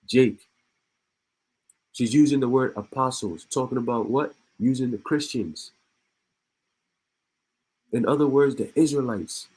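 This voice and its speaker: A man's voice: medium pitch, darkish tone, slightly rough, rough recording. A man reading news aloud and adding his own commentary, stopping often to laugh or repeat himself. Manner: reads news aloud and breaks off with laughs and asides; repeats and restarts words. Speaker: online commentator.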